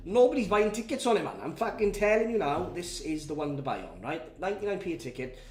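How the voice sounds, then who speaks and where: A man's voice: high voice, very animated, fast. A tired man hosts a live prize draw in casual, rambling chat and swears freely. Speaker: competition host running a live prize draw. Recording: echoey room with faint background noise.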